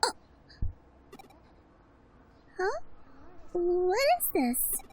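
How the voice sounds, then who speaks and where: A woman voicing an anxious young girl who pleads nervously in a high, thin voice. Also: sing-song, drawn-out words, darkish tone, heavily acted. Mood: puzzled.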